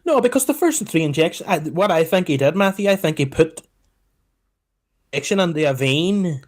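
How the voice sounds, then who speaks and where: A young man tells a story on a podcast. He is animated and swears freely. He often slips into the voices of the people he describes. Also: on the high side, normal speed. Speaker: podcast co-host. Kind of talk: casual storytelling chat.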